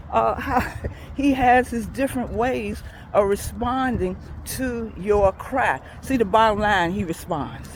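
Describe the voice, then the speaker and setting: A woman's voice: mid-range voice, expressive, a little slow, a little hiss or hum, low-quality recording. A middle-aged woman, a church school teacher, giving a folksy devotional talk while out on a morning walk, chuckling as she tells stories. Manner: folksy storytelling, chuckling often.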